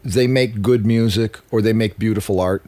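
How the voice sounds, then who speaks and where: Deep-voiced man telling animated stories. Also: moderate pace. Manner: animated, swears freely, acts out quotes. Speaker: musician guest. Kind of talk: casual interview storytelling.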